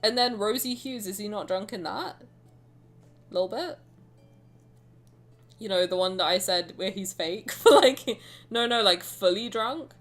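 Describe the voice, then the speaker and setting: A woman's voice: fairly high pitch, expressive, moderate pace, fairly bright tone. A woman streamer chatting and joking casually while reading game dialogue aloud. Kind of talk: casual gaming commentary. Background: faint game music.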